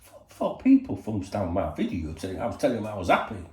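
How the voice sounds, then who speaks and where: A man's voice: on the low side, wildly swooping pitch, fast, mellow, roomy sound. A man chatting casually to his channel, rambling and swearing freely, full of "you know". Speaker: channel host. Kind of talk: casual chat to camera. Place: home in Spain.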